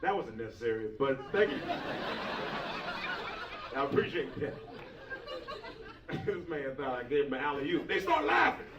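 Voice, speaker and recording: A male stand-up comedian doing loud, playful crowd work in a comedy club, laughing often. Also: medium pitch, very animated, measured pace, pauses often, very noisy. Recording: roomy live club audio from a distance, dull. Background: loud audience laughter.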